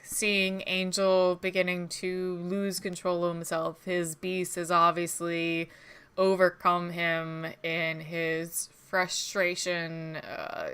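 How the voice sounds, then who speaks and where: Woman storyteller running the table: bright, very clear voice, narrates scenes patiently with fillers. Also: lowish voice. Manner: descriptive narration with many "uh"s. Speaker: game master.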